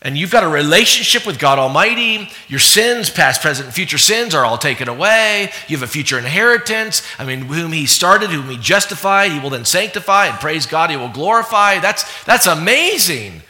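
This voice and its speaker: Bright-voiced man preaching in a reverberant hall. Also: a little high, normal speed, hardly any pauses. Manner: animated, conversational preaching with asides and acted-out voices. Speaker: pastor. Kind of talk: sermon.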